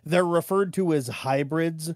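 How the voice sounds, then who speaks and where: Dry-humored guy cohosting, kinda high voice, no room echo. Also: a little slow, darkish tone. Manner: dry, wry remarks and agreeing interjections. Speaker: podcast co-host. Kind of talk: casual chat.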